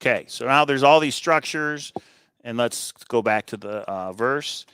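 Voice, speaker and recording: A man hosts a treasure hunt video in a relaxed, rambling way, thinking aloud and filling pauses as he explains his reasoning. His voice sits in a middle pitch. The recording is dry, with no room sound. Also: smooth, no room sound. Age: adult with kids. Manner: chatty, thinking aloud, frequent fillers. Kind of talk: casual walkthrough commentary.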